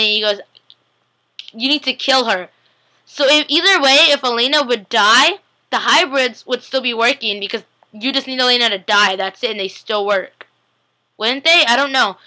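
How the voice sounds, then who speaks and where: A young woman vlogger casually recapping a TV episode, chatty and giggly, acting out the characters' lines in quick voices. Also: on the high side, sharp tone, low-quality recording. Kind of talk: casual chat.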